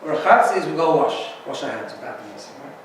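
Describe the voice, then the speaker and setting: A man's voice: fairly high pitch, big pitch swings, fast, very echoey, recorded from a distance, slight background noise, rough recording. A man teaching an informal Torah class as a rabbi, chatty and often checking in with "right?". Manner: chatty, keeps asking "right?".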